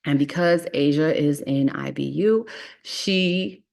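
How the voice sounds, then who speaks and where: A woman's voice: low voice, slow, vocal fry, a little mellow. A woman leads a casual online astrology class. She talks in a chatty, reassuring way. She keeps checking in with her listeners. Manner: chatty, reassuring, frequent "okay?" check-ins. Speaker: astrology teacher.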